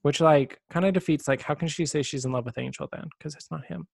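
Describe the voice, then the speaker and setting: This podcast co-host has a fairly high, creaky voice and talks fast, with clean studio sound and no room echo. He chattily recaps a TV episode, acting out the characters' quotes as he retells each scene.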